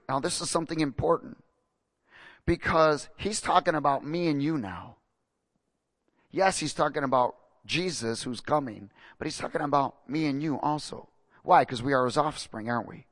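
A man preaching a sermon with emphatic, rising and falling delivery, questioning his congregation and reading scripture slowly with stress. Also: a little high, dry recording, studio quality.

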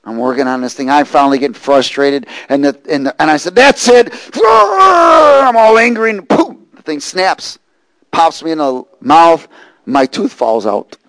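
A man preaching a sermon, reading scripture and telling a lively personal story. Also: medium pitch, normal speed, poor audio. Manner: animated storytelling, rising to shouts and laughter.

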